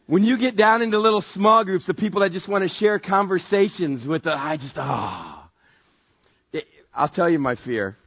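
In a muffled, echo-free recording, a Southern California pastor delivers a chatty sermon full of stories at his own expense. He voices both sides of the dialogue, darting between pitches.

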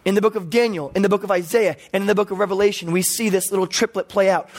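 A male pastor preaching a teaching sermon in a high, light voice. He walks through scripture point by point and drops in playful asides as he goes. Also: fast, few pauses.

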